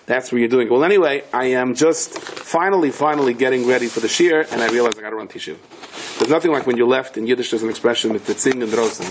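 A rabbi telling humorous, self-deprecating anecdotes in a Torah lesson, sprinkling Yiddish and Hebrew words. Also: male voice, medium pitch, a little hiss or hum, poor audio.

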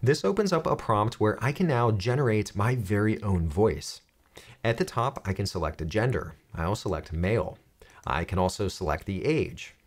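A young man hosting a software tutorial, explaining step by step in an upbeat, joking way. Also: fairly low pitch, animated, moderate pace. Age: young adult. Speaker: tech tutorial host. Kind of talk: screen-recorded software tutorial.

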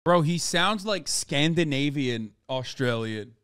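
A man's voice: on the high side, lively intonation, slow pace, fairly bright tone, clear, resonant tone, dry recording, clean studio sound. A man streaming reactions to a video, with blunt, joking commentary and plenty of swearing.

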